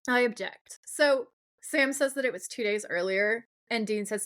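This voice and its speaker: A woman co-hosting a podcast, recapping a TV episode in casual, animated chat full of laughs and "like" fillers. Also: fairly high pitch, moderate pace. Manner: animated, giggly, frequent "like" fillers. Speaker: podcast co-host.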